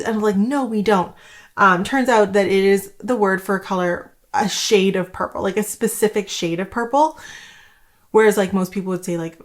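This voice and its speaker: Woman from canada, thirties, casual homeschool vlog, rambling, filler-heavy chat. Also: medium pitch. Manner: chatty, rambling with many "like" fillers. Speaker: homeschooling vlogger.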